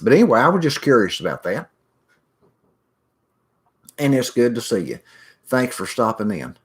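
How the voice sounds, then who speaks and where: A man's voice: medium pitch, big pitch swings, moderate pace. A middle-aged man hosting a casual livestream, rambling in a folksy way and greeting viewers by name as he reads the chat.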